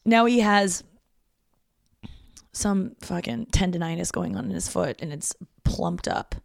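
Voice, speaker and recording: A woman's voice: lowish voice, measured pace, creaky, no echo, clean studio sound. A woman hosting her podcast, talking alone in a loose, candid, yawning ramble with plenty of swearing. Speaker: podcast host. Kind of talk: casual solo monologue.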